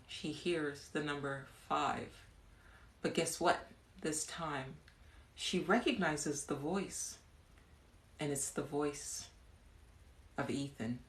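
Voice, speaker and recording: A woman with a low voice, talking slowly as she tells an improvised bedtime story on a livestream. Her narration turns hushed and gentle, and between lines she is chatty and quick to giggle. The sound is echoey, as if she is in a bare room. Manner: giggly, chatty, breaks into laughter. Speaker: livestream host.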